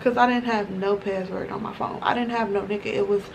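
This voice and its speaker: A woman vlogger tells a storytime while she does her makeup, full of slang and swearing. Her delivery is loose, animated and unfiltered. The recording is noisy, with a steady hiss behind her. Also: mid-range voice, fairly quick, vocal fry. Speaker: beauty vlogger.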